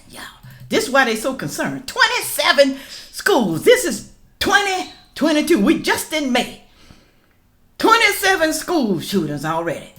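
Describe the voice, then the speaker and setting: A middle-aged woman giving casual reaction commentary, reading news aloud and calling out to viewers as y'all, rising to loud emphatic questions. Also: sits high. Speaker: political commentary vlogger.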